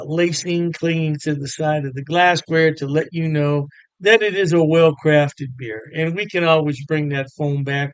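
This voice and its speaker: A man's voice: fairly high pitch, clean tone, dry recording. A man giving a casual, chatty beer review to camera, upbeat and full of fillers.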